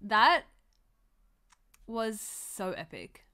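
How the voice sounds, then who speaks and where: A woman hosting a reaction video, talking in a casual, gushing way with loud excited exclamations. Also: mid-range voice, very slow.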